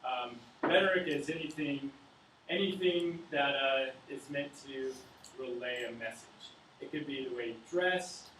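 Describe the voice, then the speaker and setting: A young man teaching a writing class, reciting a poem and explaining it in a halting way full of fillers. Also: medium pitch, fairly bright tone. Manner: halting, many fillers and restarts. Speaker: writing instructor. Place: university classroom. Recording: echoey room from far off with noise.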